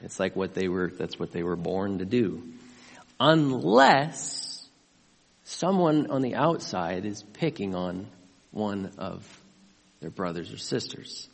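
Slow-preaching man in a reverberant hall. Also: low-pitched, big pitch swings, creaky. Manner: asks the congregation questions, builds to impassioned emphasis. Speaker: pastor. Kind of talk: sermon.

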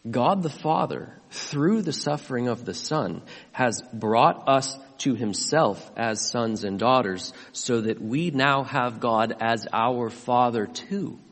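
A man's voice: mid-range voice, animated, takes it slowly, hardly any pauses, a bit bright, in a large hall. A male pastor preaching a sermon, questioning the congregation and building to impassioned emphasis.

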